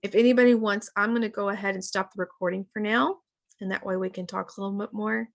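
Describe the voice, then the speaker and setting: A woman's voice: medium pitch, fairly even intonation, quick pace, vocal fry. A woman in her thirties leading a casual live wellness session over a video call, chatty and often addressing her listeners as guys.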